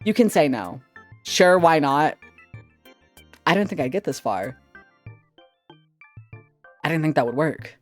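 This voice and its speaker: Excitable giggly young man streaming. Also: a little high, slow pace, long pauses, soft background music. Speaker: VTuber streamer. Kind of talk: casual live-stream chat.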